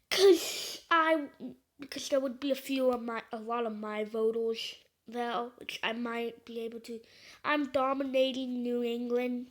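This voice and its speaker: Heard through poor audio, a woman with a highish, fairly bright voice chats loosely about an election map as a video creator. She hesitates, uses lots of fillers, and makes self-deprecating jokes along the way.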